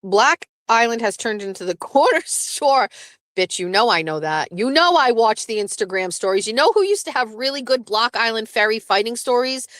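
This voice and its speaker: A woman's voice: a little high, moderate pace, dry recording. A woman from southeastern Massachusetts hosting a show in casual, rambling chat, swearing freely and often laughing. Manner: lively, breaks into laughs. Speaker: show host.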